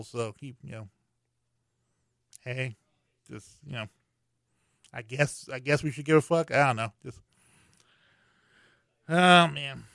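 A man's voice: medium pitch, fairly bright tone, clear, resonant tone, no echo, clean studio sound. A man hosting a podcast alone, talking in a casual, rambling way with many fillers and restarts, getting worked up as he tells a story. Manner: gets worked up while telling an annoying story. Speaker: podcast host.

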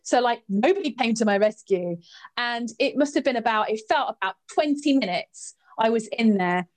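Animated woman telling a spooky tale. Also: normal speed. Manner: lively, expressive, jumps in pitch when recounting drama. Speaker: guest storyteller.

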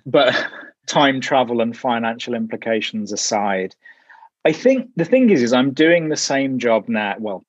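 A man guest talking in a relaxed, thoughtful way, musing aloud and hedging with "sort of". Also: lowish voice, no echo, dull audio. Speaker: guest, journal editor. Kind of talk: casual interview chat.

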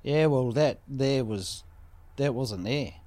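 A man's voice: medium pitch, slow, dark tone, dry recording. A man telling a personal story in a casual chat, vivid and repetitive, swearing freely. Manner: vivid, swearing, repeats phrases for effect.

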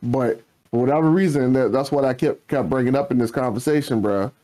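A man's voice: mid-range voice, a little fast, dark tone. A man co-hosting a casual motivational podcast, talking bluntly and emphatically in heavy slang. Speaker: podcast co-host.

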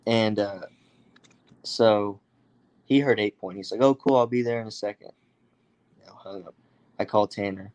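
A young man from the United States recounts a story in a casual, animated way. His voice sits a little low, and he jumps into other people's voices for the quoted lines. His talk is loose, with plenty of fillers. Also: moderate pace, long pauses. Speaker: guest storyteller.

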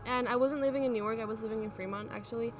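A young woman co-hosting a podcast, telling a story in a hesitant, low-key way full of fillers, recorded outdoors at night. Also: fairly even intonation, racing, noisy background. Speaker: podcast co-host. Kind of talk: casual storytelling chat. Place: outdoors at an abandoned aqueduct at night.

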